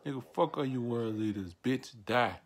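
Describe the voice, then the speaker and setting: A man from Nigeria who calls himself a prophet, giving a defiant, profane, repetitive monologue to camera at a mid-range pitch. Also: normal speed. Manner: defiant, profane, repetitive ranting with taunting asides. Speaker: self-styled prophet.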